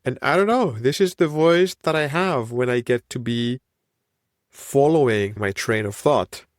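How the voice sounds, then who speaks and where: A man's voice: medium pitch, a little slow, no echo, studio quality. Greek-accented man musing on his podcast. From Greece. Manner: reflective, musing, wandering train of thought. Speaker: podcast host. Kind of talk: solo podcast monologue.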